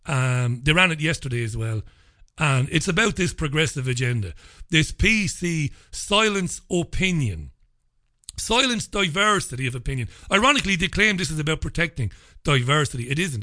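A man's voice: a little high, animated, moderate pace, pushed and bright, no echo, studio quality. A man giving an angry, indignant opinion monologue. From Ireland. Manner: indignant, ranting.

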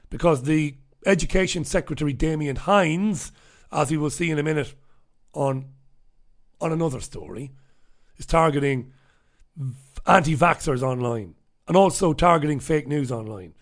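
A man hosting his own show, chatting casually and sardonically through viewer comments, profane and rambling. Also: fairly high pitch. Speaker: host of his own radio show and livestream. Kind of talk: casual livestream chat reading viewer comments.

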